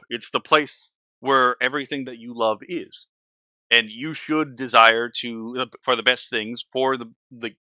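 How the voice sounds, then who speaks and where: A man's voice: medium pitch, sharp tone, no echo. A man hosting a reaction video, talking casually in a rambling, blunt, opinionated way with many fillers.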